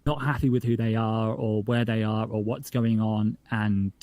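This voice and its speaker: Guy from the north of england chatting about his podcast, dark mellow voice, dry sound. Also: fairly low pitch, normal speed, dry recording. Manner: chatty, self-correcting, animated when telling jokes. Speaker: guest, podcast creator. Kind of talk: casual interview.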